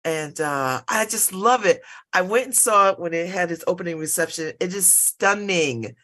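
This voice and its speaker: A middle-aged woman hosting a radio talk show, chatting with a guest in an effusive, halting way with many fillers. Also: lowish voice, animated, pushed and bright. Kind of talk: casual interview chat.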